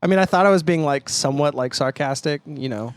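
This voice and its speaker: A man's voice: a little high, fast, clear, resonant tone, no echo. A young man co-hosting a casual band podcast, laid-back and sarcastic, swearing casually. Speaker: podcast co-host, band guitarist. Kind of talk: casual chat.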